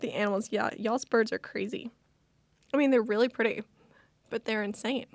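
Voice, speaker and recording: A woman's voice: on the high side, moderate pace, no room sound. A young woman, co-hosting a casual chat and talking with lots of fillers. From United States. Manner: chatty, lots of fillers and laughter. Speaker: co-host.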